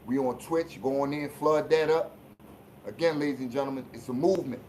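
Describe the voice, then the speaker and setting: A man from hosting a live-streamed sports talk show, ranting bluntly and with plenty of profanity, dropping low for asides and rising into shouts. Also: brisk, a little hiss or hum, low-quality recording. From Philadelphia.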